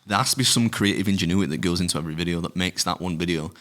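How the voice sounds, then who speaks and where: A middle-aged podcast co-host tells rambling stories in casual chat, swearing and laughing throughout. He talks rapid-fire in a low voice with a fairly bright tone.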